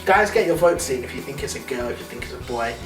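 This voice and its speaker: A man with a middle-pitched voice chats in a relaxed, jokey way, chiming in as the story goes along. He sounds distant from the mic in an echoey room, with music behind. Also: fast. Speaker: vlog co-host. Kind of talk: casual chat.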